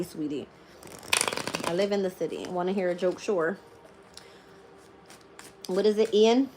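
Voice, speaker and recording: A woman chatting casually on a live stream as a tarot reader, laughing often and swearing freely as she tells animated stories. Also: lowish voice, a little slow, long pauses, background noise.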